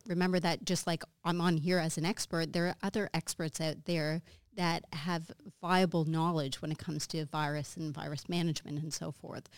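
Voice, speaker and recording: A woman's voice: sits low, smooth, dry recording, studio quality. A woman, a confidence mentor, answering interview questions in an upbeat, encouraging way. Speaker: guest expert, confidence mentor.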